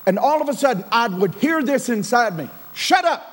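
A middle-aged man preaching a sermon as a pastor, swinging from loud emphasis to a near-whisper. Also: very high voice, animated, fairly quick, low-quality recording.

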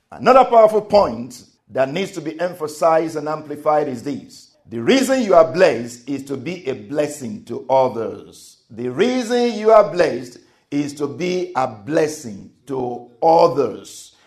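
A man preaching a sermon, repeating each point and swinging between soft and loud emphasis. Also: mid-range voice, animated, a little slow.

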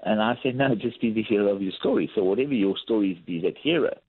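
A man's voice: lowish voice, fast talker, husky, dry recording. A man, a lifestyle coach, telling workplace anecdotes in a podcast interview, acting out what people said. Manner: animated anecdotal storytelling with acted-out quotes. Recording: tinny phone-like line.

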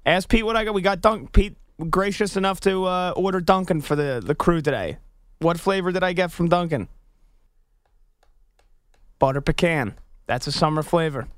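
A male radio co-host with a high voice pushes back with mock indignation. The sound is dry and close. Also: moderate pace, no echo. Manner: defensive, indignant joking. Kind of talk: casual on-air banter.

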